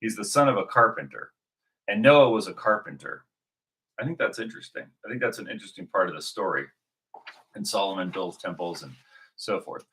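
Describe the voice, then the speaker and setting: A man with a fairly low voice and a bright, forceful edge. He talks through his ideas off the cuff, circling back and restarting phrases as he works them out. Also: expressive, fairly quick, poor audio. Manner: rambling, thinking aloud with frequent restarts. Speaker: video host. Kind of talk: unscripted spoken reflection.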